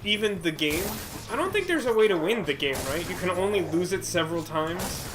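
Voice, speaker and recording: A man's voice: high voice, lively intonation. A man joking sarcastically while commenting on a video game with friends. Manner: joking, sarcastic, quick to laugh. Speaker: let's play co-commentator. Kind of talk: casual gaming chat. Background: game music.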